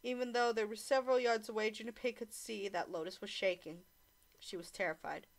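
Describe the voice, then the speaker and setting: A woman's voice: medium pitch, steady tone, fairly quick. A young woman casually reading a visual novel aloud, swearing and joking between lines. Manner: swears, laughs, breaks off to joke. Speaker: streamer narrating a visual novel. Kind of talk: casual read-along narration.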